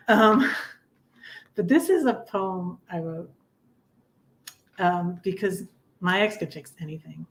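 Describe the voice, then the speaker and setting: Soft-spoken middle-aged woman, low voice. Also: unhurried, pauses often, poor audio. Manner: soft-spoken and rambling, with frequent restarts. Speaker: livestream host. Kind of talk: casual livestream chat and poetry reading.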